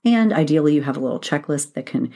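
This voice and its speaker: Woman podcast host coaching listeners, steady instructive delivery that circles back to stress key points. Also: deep voice, fast talker, vocal fry. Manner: instructive, methodical, repeats points for emphasis. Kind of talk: solo advice podcast.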